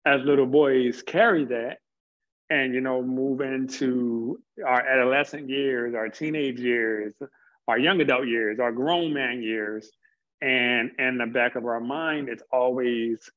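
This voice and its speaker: An earnest man being interviewed reflects at length in a reflective conversation, building his points slowly and sometimes stumbling on a word before pressing on. His medium-pitched voice has fairly even intonation, and the recording sounds muffled and lo-fi.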